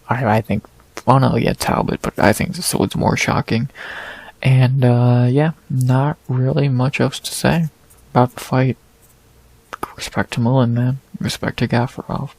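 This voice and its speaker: Man hosting a fight recap, gravelly and a little husky, exasperated ranting with lots of swearing, dry close mic. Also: mid-range voice, darkish tone, no echo. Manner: stammering restarts. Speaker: MMA recap host. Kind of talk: profane casual fight recap.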